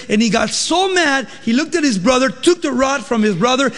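A man's voice: extremely high pitch, lively intonation, normal speed, hardly any pauses, fairly bright tone, long reverb tail. A male pastor preaching a sermon, explaining scripture with rhetorical questions.

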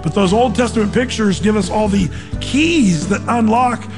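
A man preaching a sermon as pastor, animated, quoting scripture and acting out voices. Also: sits high, normal speed, big-room sound, over music.

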